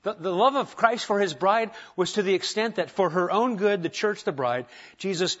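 A man's voice: sits high, normal speed, a bit bright, highs cut off. A man preaching a sermon in a church, conversational, with rhetorical questions and light humor. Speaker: pastor. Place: church sanctuary.

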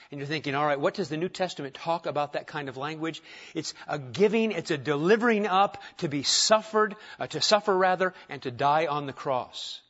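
A man's voice: a little high, a bit bright, dull audio. A man preaching a sermon in a church, conversational, with rhetorical questions and light humor. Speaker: pastor. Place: church sanctuary.

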